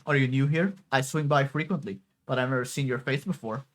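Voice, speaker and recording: A man's voice: mid-range voice, brisk, natural voice. Man voicing a suave older theater patron woman. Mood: knowing.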